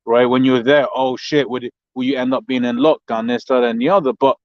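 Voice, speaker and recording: A man's voice: mid-range voice, fairly even intonation, a little fast, dry recording, highs cut off. A man with a London accent in a casual religious discussion, talking animatedly with many restarts and reading scripture aloud. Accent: London English. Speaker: co-host.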